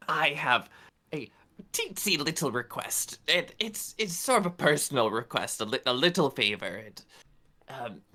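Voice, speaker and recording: A woman player speaking in character in a tabletop game. Her voice sits very low but swings widely in pitch. She talks slowly and haltingly, full of fillers. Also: very animated, pushed and bright. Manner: halting, hesitant, with many fillers.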